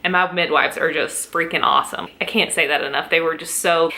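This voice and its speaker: A woman's voice: deep voice, steady tone, a little fast, pushed and bright. A young adult woman telling a pregnancy story at home in a casual vlog, emotional and close to tears, laughing between lines. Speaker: vlogger.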